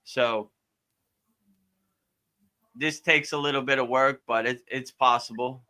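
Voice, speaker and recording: A relaxed man, a spiritual teacher, answers questions live in an easygoing way, often repeating himself and filling pauses. His voice is bright and crisp, and it sits at an ordinary pitch. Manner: easygoing, repeats words, many fillers. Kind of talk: casual live Q&A advice.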